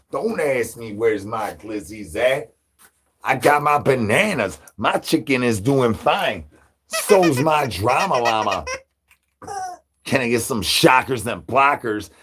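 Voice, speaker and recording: A man's voice: medium pitch, husky. A man hosting a livestream, rambling absurd rhyming slang as a brain-hungry zombie persona. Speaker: livestream host. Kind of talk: absurd comedic livestream rant.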